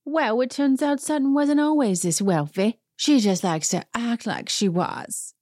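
A woman's voice: sits high, level tone, vocal fry, mellow, no echo, clean studio sound, voice pushed up, heavily acted. A snooty, haughty rich woman draws out every word in a lifted, put-on accent, as a woman mimics her. The voice sits well above the speaker's own and sounds a little removed. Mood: snide. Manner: slow, affected drawl.

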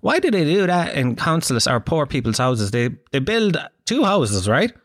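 An Irish man telling a comic, rambling monologue, animated and swearing freely as he asks the listener questions. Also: a little high, moderate pace, no room sound, clean studio sound. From Ireland. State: occasional cough.

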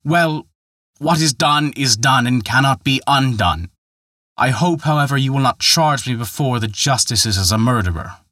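A man's voice: medium pitch, expressive, moderate pace, no room sound. A man voicing a cruel, furious rich man with a heart of stone. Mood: angry. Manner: shouting, bitter.

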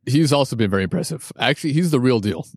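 A man's voice: medium pitch, lively intonation, fast, no room sound, studio quality. A man co-hosting a casual sports chat, giving his opinions hesitantly, with restarts, repeated words and lots of "I mean". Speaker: podcast co-host.

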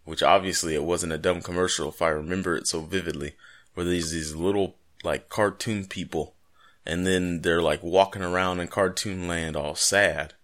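A man's voice: deep voice, fairly even intonation, normal speed, fairly bright tone. A man co-hosting a casual podcast, joking and rambling through his explanations. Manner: jokey, rambling, playful asides. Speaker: podcast co-host.

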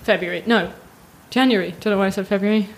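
A young woman, a podcast guest chatting casually, self-mocking and animated, acting out what others say. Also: medium pitch, very fast. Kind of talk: casual chat.

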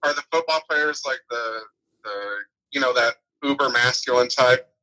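A man on a speakerphone call, chatting casually and answering slowly and hesitantly while high. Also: fairly even intonation, pushed and bright, low-quality recording. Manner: laid-back, hesitant, drawn-out answers. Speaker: phone-in friend. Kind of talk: casual phone chat. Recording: heard over speakerphone.

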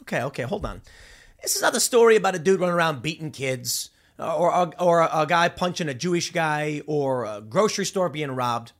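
Animated man rambling through commentary. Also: fairly high pitch, fairly quick. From Chicago, USA. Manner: animated and rambling, with frequent restarts and repeated words. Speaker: political commentary host. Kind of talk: unscripted political monologue.

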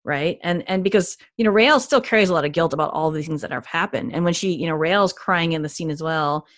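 A woman co-hosting a podcast, chatting enthusiastically with many quick restarts. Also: sits low, fairly bright tone, no echo, studio quality. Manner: enthusiastic, gushing, frequent restarts. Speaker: podcast co-host. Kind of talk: casual podcast chat.

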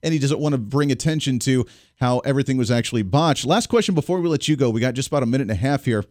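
A man hosting a political talk radio show, speaking in an emphatic, animated way that rises on key words. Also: mid-range voice, rapid-fire, dry recording, clean studio sound.

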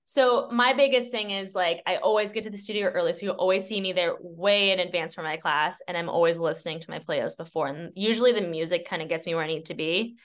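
Talking fast with hardly any pauses, a young woman in a lowish voice answers interview questions about her cycling studio. She's casual and upbeat, laughing frequently and leaning on fillers.

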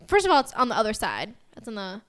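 A woman's voice: mid-range voice, huge pitch swings, fast, smooth. A young woman with an American accent, chatting casually as a podcast co-host, rambling with lots of fillers and giggles. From United States. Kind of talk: casual chat.

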